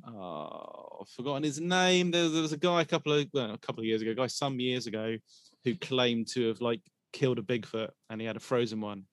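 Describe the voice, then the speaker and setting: A man's voice: mid-range voice, dry recording, clean studio sound. A man hosting a podcast in a casual, rambling way, trailing into hesitations and breaking into laughter. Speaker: podcast host.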